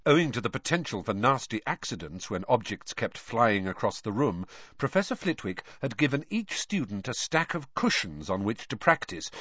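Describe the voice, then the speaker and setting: A man reads an audiobook in a measured, expressive way, his pitch rising and falling vividly. His voice is somewhat husky. The recording is dry, close and dull. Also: dry recording. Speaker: audiobook narrator. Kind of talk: scripted narration.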